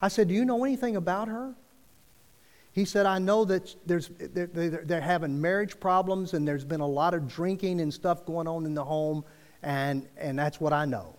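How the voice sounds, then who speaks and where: A man tells a personal story from the pulpit, casual and conversational, with frequent restarts as he acts out each exchange. His voice sits a little high for a man. It rings out with a long hall reverb. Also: normal speed. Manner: conversational, quotes dialogue with restarts. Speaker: preacher telling a story. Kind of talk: sermon storytelling.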